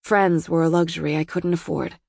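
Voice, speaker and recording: A woman voicing a wary, self-contained woman with a measured, plain delivery. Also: sits low, fairly even intonation, creaky, a little mellow, dry recording, studio quality. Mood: guarded.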